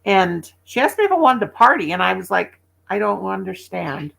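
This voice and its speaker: A woman's voice: medium pitch, sing-song, moderate pace, gravelly, a bit bright, poor audio. Chatty Midwestern woman in her sixties. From American Midwest. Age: 60s. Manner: chatty, rambling, laughs often. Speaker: livestream host. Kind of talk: casual chat with viewers.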